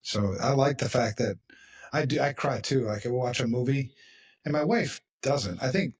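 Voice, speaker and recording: Man, podcast host, casual chat, blunt and emphatic, swears, husky voice, a bit off-mic. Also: mid-range voice, moderate pace, recorded from a distance.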